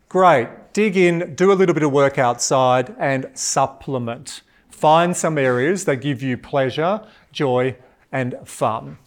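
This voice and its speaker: Aussie guy on stage doing a keynote, jokey and upbeat, bit of a higher voice. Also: a little slow. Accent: Australian. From Australia. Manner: jokey, energetic, talks with the audience. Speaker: keynote speaker. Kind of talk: live keynote talk. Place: large hall with audience.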